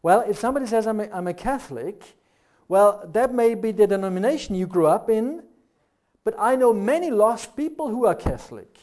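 Here a middle-aged German-accented preacher, a native German speaker, talks fairly quickly in a high-pitched voice. His sermon is earnest and rises into animated rhetorical questions.

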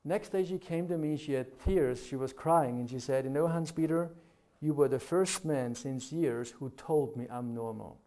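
A middle-aged man with a German accent, whose first language is German, preaching a sermon. He talks earnestly and builds to animated rhetorical questions. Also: a little high, moderate pace.

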